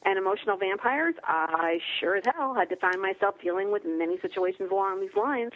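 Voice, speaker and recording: A woman's voice: mid-range voice, expressive, brisk. A woman author chats in an interview, spinning anecdotes and slipping into playful voices for quotes. The recording is slightly dull and lo-fi. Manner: chatty storyteller acting out quotes in playful voices. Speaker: guest author. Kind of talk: casual interview chat.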